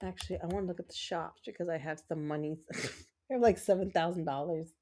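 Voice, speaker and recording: Lady gamer on stream, low-ish voice, rambly chatter to herself. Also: fairly even intonation, fairly quick, warm tone. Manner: chatty, self-talking, rambling. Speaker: gaming livestream host. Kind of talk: casual chat while playing.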